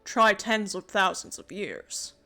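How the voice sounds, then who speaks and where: A woman's voice: mid-range voice, big pitch swings, slow, pushed and bright, soft background music, full character voice. A Canadian woman reading aloud the lines of an ancient time-bending creator being in a text adventure, in a plain, expository manner. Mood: explaining.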